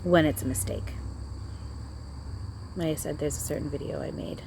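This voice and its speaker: Low, mellow-voiced woman channeler. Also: fairly even intonation, normal speed, gravelly, slight background noise. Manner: hesitant, reassuring, repeats herself. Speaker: spiritual channeler. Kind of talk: channeling vlog monologue. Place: outdoors.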